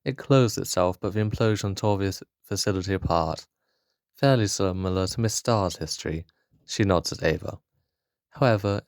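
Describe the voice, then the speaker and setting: Deep-voiced man narrating a fan story. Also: darkish tone, dry recording, clean studio sound. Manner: casual asides between narration. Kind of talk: reading a fan story pitch.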